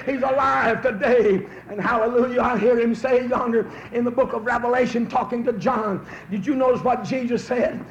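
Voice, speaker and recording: A man preaching a revival sermon, telling folksy stories that build into fervent shouts. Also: very high voice, steady tone, moderate pace, hardly any pauses. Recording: roomy, dull old recording with faint hiss.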